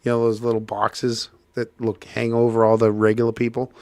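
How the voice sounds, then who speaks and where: A man's voice: a little fast, dry recording. A man hosting a podcast, telling a long story in casual chat and acting out every quote. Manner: animated storyteller, acts out quotes with big pitch jumps. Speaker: podcast host.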